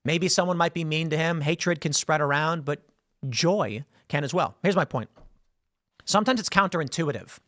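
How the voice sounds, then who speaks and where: Man, solo commentary host, storytelling, slightly high voice, dry close mic. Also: moderate pace, a bit bright, no room sound. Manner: conversational storytelling, acts out quotes.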